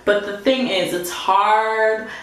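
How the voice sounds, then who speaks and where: A woman's voice: mid-range voice, takes it slowly. A young woman vlogger telling a breakup story while doing her makeup, chatty and full of "like". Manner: chatty, fillers "like" everywhere. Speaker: beauty vlogger. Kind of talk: casual get-ready-with-me storytime. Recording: very echoey room with faint noise.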